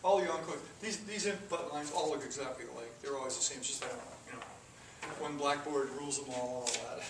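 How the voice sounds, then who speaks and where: A man's voice: a little high, brisk. A man teaching a classroom coding lesson, talking through the code step by step with casual asides. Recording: echoey classroom from far off with noise.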